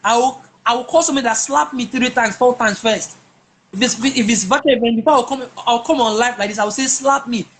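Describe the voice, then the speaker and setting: A woman's voice: a little high, fast, slight background noise. Emphatic woman, many restarts. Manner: emphatic, with frequent repeated words and restarts. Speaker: guest. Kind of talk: personal testimony in a conversation.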